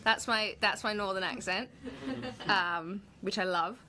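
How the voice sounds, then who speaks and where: A woman's voice: medium pitch, unhurried, crowd noise. A woman actress chatting casually on a livestream, reading out viewer questions and answering them in a playful, laughing way. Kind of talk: live Q&A reading viewer comments.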